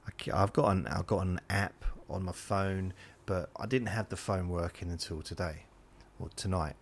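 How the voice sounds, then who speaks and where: A man with a very low, gravelly voice rambles through a comic monologue. He drops self-deprecating, deadpan asides as he goes. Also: normal speed. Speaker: comedian and podcast host.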